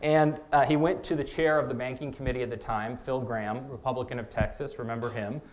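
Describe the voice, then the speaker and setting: A man giving a lecture as an author, halting, with many restarts and fillers. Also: mid-range voice, fairly even intonation. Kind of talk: public lecture on policy.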